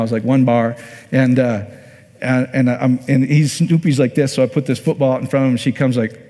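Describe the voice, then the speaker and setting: A man's voice: medium pitch, a little mellow. A man from Iowa preaching a conversational sermon as a pastor. He often repeats words and asks the audience questions. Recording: long hall reverb.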